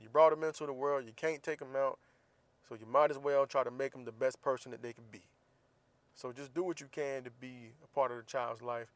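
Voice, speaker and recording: A man's voice: mid-range voice, no room sound. Laid-back man telling stories, dry sound. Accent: US Southern. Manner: storytelling, teasing, acts out quoted dialogue; earnest, advice-giving. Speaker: podcast host. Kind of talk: casual podcast monologue.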